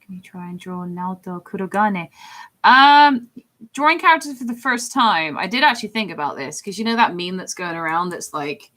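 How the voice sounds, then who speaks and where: A woman's voice: medium pitch, lively intonation, normal speed, sharp tone. A woman chatting in a rambling, casual way from her home office while drawing on a livestream, with lots of fillers. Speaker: streamer and hobby artist.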